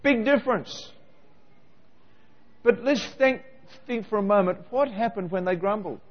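Guy preaching, pretty high voice, keeps asking the crowd stuff, echoey muffled hall. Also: unhurried, faint music behind. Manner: animated, questioning the congregation directly. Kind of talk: sermon.

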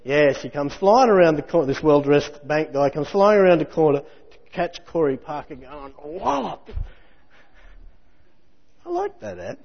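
A man preaching a sermon in a lively, conversational way with jokey asides. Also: fairly high pitch, moderate pace. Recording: muffled hall recording with long reverb.

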